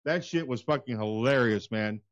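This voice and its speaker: A man's voice: mid-range voice, normal speed, lo-fi sound. A man hosting a talk radio show in loose, profane banter, laughing and swearing freely.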